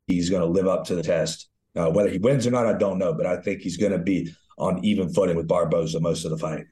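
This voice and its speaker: Man, very low voice, casual podcast chat, laid-back, roomy echo. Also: dark tone. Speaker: co-host, retired fighter.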